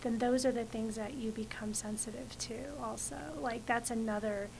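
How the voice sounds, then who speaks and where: A woman hosts an interview in a fairly high voice, backing her guest with short encouraging replies. A faint low rumble runs under the recording. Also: flat delivery, normal speed, gravelly. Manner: encouraging listener with short responses. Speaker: host.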